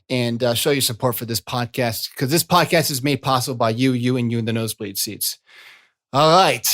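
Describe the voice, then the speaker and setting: A man's voice: mid-range voice, fairly bright tone. A man hosting his own podcast as a coach, talking in a chatty, folksy way with repeated asides. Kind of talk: casual solo podcast talk.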